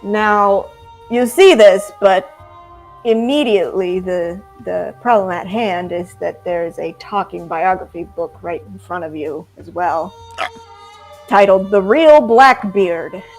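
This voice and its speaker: A young woman game master narrates a tabletop session at an unhurried pace. She stumbles over words with frequent ums and laughs at her own slips. Faint background music sits under her voice. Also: medium pitch. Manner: giggly, halting narration with many ums.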